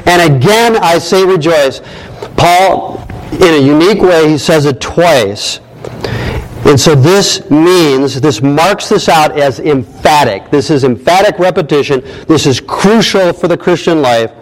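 A male pastor delivers a sermon with emphatic repetition and rhetorical questions. His voice sits a little high for a man. A faint rumble runs underneath. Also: measured pace, poor audio.

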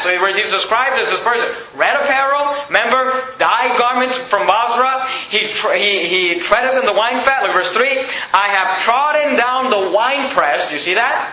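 A man preaching a sermon, reading scripture slowly and with weight, then explaining it in quick asides to the congregation. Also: very high voice, expressive, sharp tone, slight background noise. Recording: echoey room, dull lo-fi sound.

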